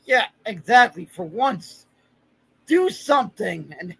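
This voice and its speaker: A man co-hosting a sports podcast in quick, frustrated casual chatter. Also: high-pitched, lively intonation, a bit bright, breathy edge, low-quality recording. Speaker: podcast co-host.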